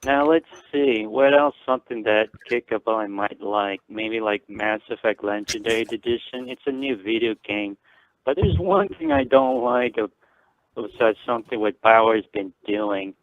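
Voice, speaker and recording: A man with a fairly low, very animated voice calls in to a live show at a normal pace, rambling and hesitating with lots of fillers. It's a casual call-in chat heard over a tinny, dry phone line with no room sound.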